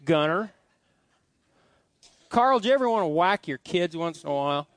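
A middle-aged man delivers a sermon in a high, lively voice that leaps up and down. He tells homey stories with frequent restarts and asides. The sound is dry and close. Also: normal speed, dry recording. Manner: folksy storytelling with many restarts. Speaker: pastor.

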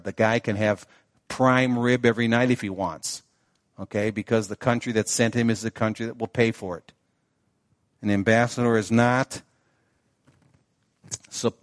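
A man's voice: fairly low pitch, dry recording. Pastor guy preaching, chatty, keeps asking okay, dry close sound. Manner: conversational, checks in with "okay?". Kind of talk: sermon. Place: church sanctuary.

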